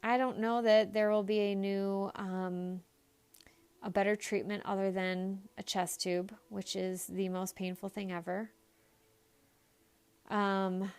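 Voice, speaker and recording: A woman with a smooth, clear voice at a middle pitch tells a personal story on her podcast. She speaks candidly and with emphasis, dropping the odd blunt curse. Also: little pitch movement, slow, darkish tone. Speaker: psychologist podcast host.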